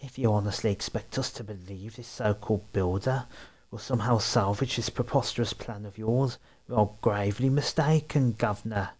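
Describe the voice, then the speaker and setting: A pompous, haughty older gentleman with a posh, stuffy way of talking, as a man puts him on. He sounds grand and dismissive. The voice sits fairly low. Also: moderate pace, few pauses, close to an everyday voice.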